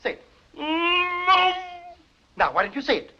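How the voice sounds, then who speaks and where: An actor playing an excitable elocution professor with a Spanish accent and a husky voice, sputtering and exasperated in 1940s film comedy acting, on a dull old film soundtrack. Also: male voice, very high-pitched, a little slow, exaggerated voice. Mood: instructing. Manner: exasperated, sputtering, bursts of laughter. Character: excitable Mexican elocution professor, fussy man. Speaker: elocution teacher.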